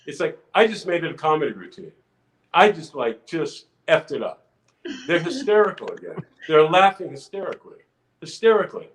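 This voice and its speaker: An older man spins a long anecdote as a podcast guest, restarting his sentences and acting out the people in it. His voice sits a little high for a man. The room around him rings with a noticeable echo. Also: normal speed. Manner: animated anecdote telling with restarts and acted-out quotes. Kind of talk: casual storytelling.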